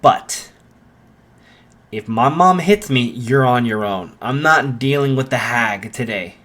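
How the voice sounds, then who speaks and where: A man's voice: mid-range voice, expressive, slow pace, fairly bright tone. A man voicing a brash, hot-headed young man in a spoken fan story, blunt and offhand.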